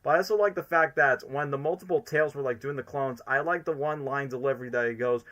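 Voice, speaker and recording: A man's voice: mid-range voice, fast talker, hardly any pauses, fairly bright tone. A man streaming casual fan commentary, enthusiastic and rambling, filling his sentences with "literally" and "like".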